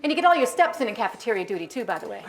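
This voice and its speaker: A woman's voice: fairly high pitch, very animated, very fast. A woman speaker giving a humorous keynote talk to educators, joking and acting out little scenes as she goes. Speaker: school behavior consultant and keynote speaker.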